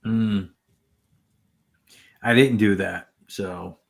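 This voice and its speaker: A man's voice: on the low side, fairly even intonation, drawn-out words, gravelly. A man co-hosting a casual livestream, chatting easily and reading out viewer comments in a rambling way. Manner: easygoing, rambling. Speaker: livestream co-host.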